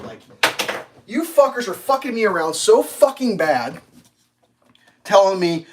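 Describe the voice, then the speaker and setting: A man's voice: sits high, sing-song, normal speed, slight background noise. A man livestreaming, telling a long exasperated story about customer service, swearing freely. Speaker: live streamer. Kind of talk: casual livestream rant.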